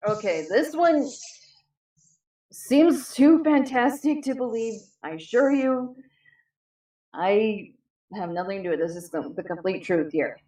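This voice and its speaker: A young woman telling a personal story casually, halting with many fillers and restarts. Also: on the low side, a little mellow. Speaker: panel guest. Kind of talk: casual storytelling on a live stream. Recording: echoey distant mic.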